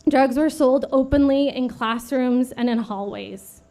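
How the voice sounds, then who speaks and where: A woman in her late thirties giving an earnest prepared memorial speech at a vigil, steady and read from a script. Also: high voice, unhurried. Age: late 30s. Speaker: vigil speaker.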